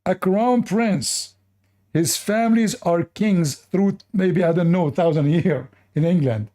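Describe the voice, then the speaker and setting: A man's voice: on the high side, measured pace, mellow. A man from the Middle East hosting casual commentary, rambling bluntly and crudely with many fillers and restarts. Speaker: host.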